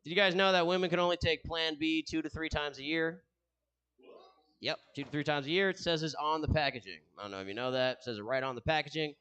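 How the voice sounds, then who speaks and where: A young man doing a rambling stand-up set with self-deprecating dark humor. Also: a little high, quick pace, slight background noise. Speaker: stand-up comedian.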